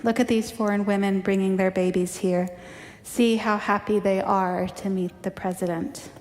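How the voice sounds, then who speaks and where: Woman, memoir reading, measured storytelling, church service, medium pitch, long church reverb. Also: fairly even intonation, a little mellow. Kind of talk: reading a personal memoir aloud. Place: church sanctuary.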